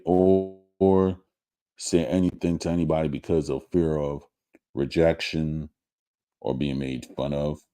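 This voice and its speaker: Slow, deep-voiced man hosting a stream. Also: dark tone. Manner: slow, halting, many restarts and fillers. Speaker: show host. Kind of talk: casual live-stream talk.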